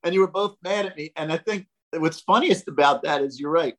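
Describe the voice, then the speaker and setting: An older man, a former ballplayer, telling animated stories as a podcast guest and acting out the quotes. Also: on the high side, fairly quick, poor audio. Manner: animated, jokey storyteller who acts out quotes. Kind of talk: casual storytelling.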